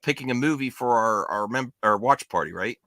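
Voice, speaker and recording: A man's voice: medium pitch, lively intonation, a little fast, sharp tone, no echo, studio quality. A man hosting a casual group livestream chat, joking and talking over the others. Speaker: stream host.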